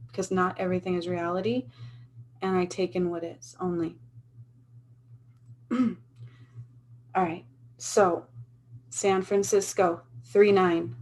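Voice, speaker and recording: A woman's voice: on the low side, a little hiss or hum, rough recording. A woman in her thirties, talking straight to her phone camera in an earnest, emphatic way and repeating herself. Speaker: spiritual vlogger. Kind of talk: casual talk to camera.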